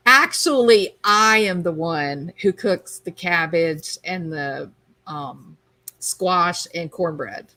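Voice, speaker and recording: A woman's voice: fairly low pitch, extremely slow, sharp tone, poor audio. A woman hosting a livestream, chatting casually and reading viewer comments aloud. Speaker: livestream host reading chat. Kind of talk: casual chat.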